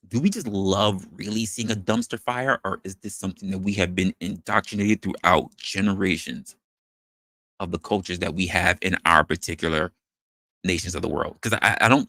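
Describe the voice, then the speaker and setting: A man hosting an opinion show, talking in an animated, rhetorical way and posing questions to his audience. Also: lowish voice, dry recording, studio quality. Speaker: podcast host. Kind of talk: opinion commentary monologue.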